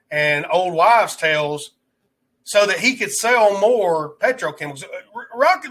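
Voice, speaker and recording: A man's voice: on the high side, sharp tone. A man with a rural Alabama twang, hosting a casual live stream, rambling through topics and greeting viewers in the chat. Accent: Alabama Southern rural twang. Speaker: livestream host.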